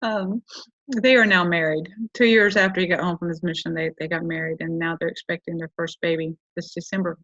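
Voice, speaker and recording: A middle-aged woman with a lowish voice chats through a personal story, wandering and correcting herself as she goes. The recording is dull and lo-fi, and the sound is dry and close with no room around it. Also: fairly even intonation, brisk, fairly bright tone, dry recording. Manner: rambling, self-correcting, chatty. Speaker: podcast host.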